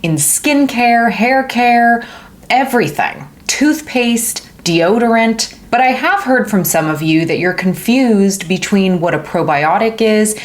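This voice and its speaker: A woman's voice: a little high, takes it slowly. A woman hosting a casual science explainer video, joking and playful as she teaches. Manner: playful, jokey, animated delivery. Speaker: educational video host.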